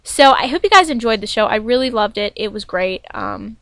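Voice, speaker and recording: A young woman recapping a wrestling show in a casual, excited vlog, rambling and self-deprecating with lots of fillers and restarts. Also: a little high, a little fast, no room sound. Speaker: wrestling fan vlogger reviewing a show.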